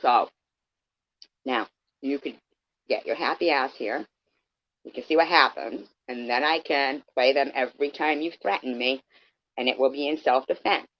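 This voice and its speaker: A woman in her fifties with a very low voice talks straight at her chat in a sarcastic, combative rant. The sound is dull and lo-fi, like home stream audio. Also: moderate pace, pauses often. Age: 50s. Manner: sarcastic, combative, addresses viewers by name. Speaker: live streamer. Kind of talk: confrontational livestream rant.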